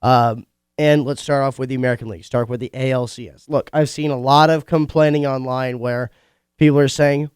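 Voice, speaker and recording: A man's voice: mid-range voice, a little mellow, clear, resonant tone, no echo. Stuffy-nosed young guy doing college radio sports talk, opinionated, dry studio sound. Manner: opinionated, chatty, quick asides. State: congested. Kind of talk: casual sports talk monologue.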